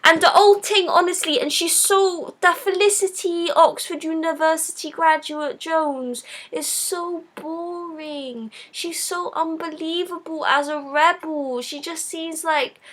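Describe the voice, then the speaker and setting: A woman's voice: extremely high pitch, fairly even intonation, a little slow, few pauses, a bit bright. A woman hosting a live stream, giving a blunt, sarcastic, casual film review.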